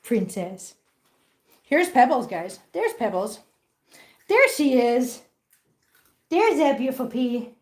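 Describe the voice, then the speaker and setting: A woman's voice: fairly high pitch, big pitch swings, slow pace, pauses often. Chatty woman baby-talking to cats. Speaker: host of a cat-care livestream. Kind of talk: casual livestream chat. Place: home room with cats.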